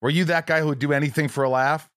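A man's voice: fairly high pitch, steady tone, very fast, a bit bright, dry recording. Male podcast host, casual and blunt, dry close recording. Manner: casual, blunt, swears freely. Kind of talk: casual interview chat.

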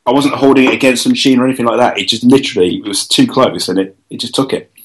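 A man's voice: medium pitch, steady tone, very fast, husky, poor audio. A man from the UK co-hosting a podcast, explaining things in a chatty, rambling way. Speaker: podcast co-host. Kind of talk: casual chat.

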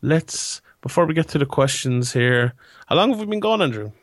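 A man's voice: on the high side, animated, moderate pace, no echo, clean studio sound. A young man hosting a casual sports podcast, rambling with lots of fillers and restarts. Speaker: podcast host.

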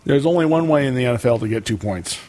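A man's voice: medium pitch, animated, quick pace, mellow. A man co-hosting a casual chat show, explaining football rules in a rambling, joking way. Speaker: podcast co-host.

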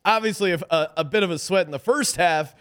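Upbeat podcast host, slightly high voice. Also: male voice, fast talker, clear, resonant tone. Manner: animated, reads ads loosely and jokes. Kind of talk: casual sports betting chat.

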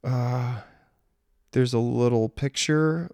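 A man's voice: mid-range voice, a little slow, darkish tone, no room sound, clean studio sound. A man from Maryland, a singer-songwriter in his thirties, chatting casually and rambling, sarcastic about spam messages. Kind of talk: casual chat.

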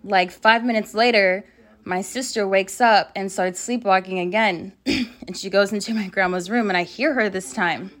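A woman's voice: medium pitch, normal speed, fairly bright tone. Woman telling a creepy family story. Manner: rambling, many "like"s, quoting family members. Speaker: guest storyteller. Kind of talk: casual ghost story telling.

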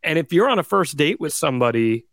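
A man's voice: on the high side, very animated, fast, a bit bright, dry recording, studio quality. A man hosting a podcast, casually steering the chat toward the episode's theme. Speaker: podcast host.

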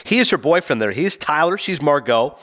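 A man's voice: on the high side, lively intonation, a bit bright. A man co-hosting a casual podcast, reviewing a movie and acting out the characters' lines. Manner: fast, chatty, acts out quotes.

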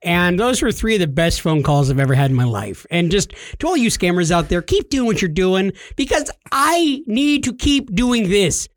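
A man co-hosting a podcast, telling a story in casual chat, animated, acting out voices and laughing often. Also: high voice, moderate pace, few pauses, dry recording, studio quality. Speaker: podcast co-host.

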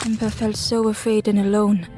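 A soothing storybook narrator for a video game, voiced by a woman. She speaks in a flat, even, gentle cadence. Clear music plays under her voice. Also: mid-range voice, normal speed, close to an everyday voice. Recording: game audio with music behind.

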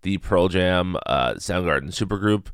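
A man's voice: deep voice, animated, normal speed, a bit bright, smooth, dry recording, studio quality. A man hosting a casual solo podcast, rambling and correcting himself with a chuckle. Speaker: podcast host.

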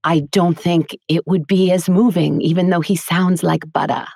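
A middle-aged woman with a deep voice and a gravelly fry talks with earnest, emphatic conviction. She sounds like a teacher sharing her craft in a casual podcast chat. The sound is close and dry, with no room echo. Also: fairly even intonation, normal speed, dark tone. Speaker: voiceover artist and teacher as guest.

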